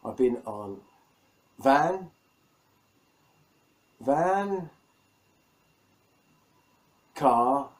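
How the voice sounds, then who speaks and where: A man's voice: medium pitch, a little mellow, low-quality recording. A middle-aged man from England, rambling and self-mocking in a casual video diary, laughing often. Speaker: vlogger.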